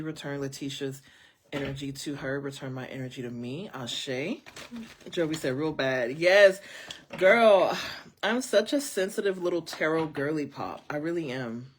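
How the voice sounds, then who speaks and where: Woman tarot reader, live stream; low voice, very animated pitch, chatty. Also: a little hiss or hum. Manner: chatty, animated, lots of fillers, speaks to viewers as y'all. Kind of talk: casual live-stream reading.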